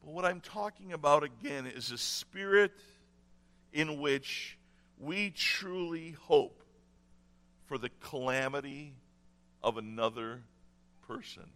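A man's voice: on the high side, expressive, slow pace, pauses often, a bit bright. A man preaching a sermon in an earnest way, repeating key phrases for emphasis. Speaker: pastor.

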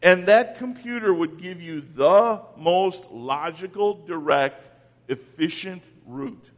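A man with a high voice preaching slowly and deliberately, his sermon swinging between ringing calls and hushed near-whispers. His words carry a long reverb from a large church hall. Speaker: pastor.

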